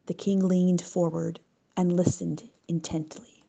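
A woman narrating a story in an expressive, unhurried way. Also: lowish voice, vocal fry. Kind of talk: scripted narration.

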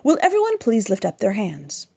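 A woman's voice: medium pitch, wildly swooping pitch, moderate pace, gravelly, dark tone, exaggerated voice. A woman voicing an earnest, clever court advisor. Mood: confident. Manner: earnest, pleading.

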